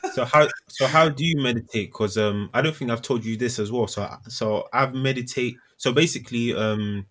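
A man in casual chat, relaxed and chipping in with jokey acted quotes. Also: mid-range voice, normal speed.

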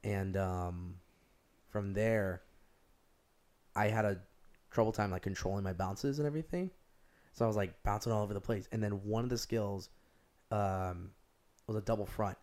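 Young guy, lowish voice, rambly casual storytelling, says like a lot. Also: normal speed, long pauses. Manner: rambling, heavy use of "like", animated storytelling. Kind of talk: casual chat.

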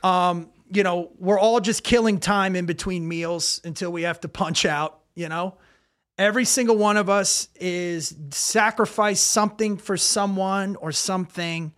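A middle-aged man hosting a casual comedy podcast, telling stories in an animated way, swearing and acting out quotes loudly. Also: high voice, unhurried.

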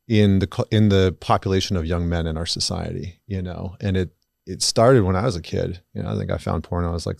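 A man's voice: deep voice, creaky, a little mellow, no echo, studio quality. A man in his thirties, a guest on a podcast, speaking candidly and bluntly with casual swearing. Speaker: podcast guest, men's work facilitator.

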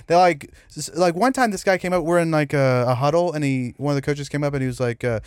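A man's voice: fairly high pitch, fast talker, a little mellow, clean tone, no room sound, studio quality. A man from Texas, hosting a podcast with crude joking banter. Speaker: podcast host. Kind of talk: casual chat.

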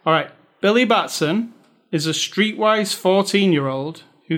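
A man's voice: high-pitched, measured pace, a bit bright. A man hosting a movie review podcast, chatting casually and joking with his co-host. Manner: chatty, joking, reads aloud with dramatic stress. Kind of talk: casual chat.

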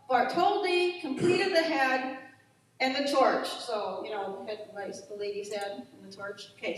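A woman's voice: a little high, a bit bright. A middle-aged woman chatting casually, sharing facts and laughing at herself. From United States. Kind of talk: casual chat. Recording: echoey room, voice from far off.

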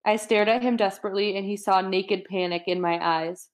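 A woman reading a novel aloud in a relaxed, chatty way, breaking off for casual asides and occasional stumbles. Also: mid-range voice, a little fast. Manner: reads with light voicing, chatty asides, stumbles and laughs. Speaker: reader.

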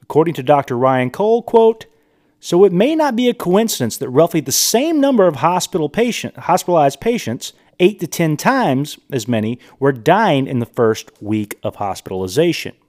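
Reading sources aloud and commenting on them, this podcast host sounds emphatic and incredulous throughout his monologue. His fairly high, slightly mellow voice swings widely in pitch at a moderate pace.

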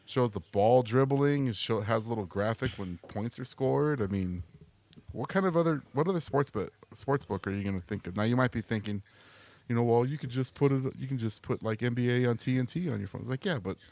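A man's voice: medium pitch, darkish tone. A man co-hosting a podcast, rambling with many fillers and restarts. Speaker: podcast co-host. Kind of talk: casual podcast chat.

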